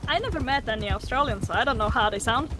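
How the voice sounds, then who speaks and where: A woman's voice: fairly high pitch, lively intonation, quick pace, noisy background. A woman with a Polish accent, a native Polish speaker, chatting playfully in character during a roleplay game. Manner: playful, joking threats. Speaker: roleplay player.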